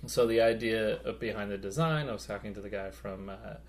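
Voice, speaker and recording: A man co-hosting a hobby podcast, his low voice rough with gravel. He rambles along casually, circling back with fillers and asides. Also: a little fast, slight background noise. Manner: rambling, chatty, lots of fillers. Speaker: podcast co-host.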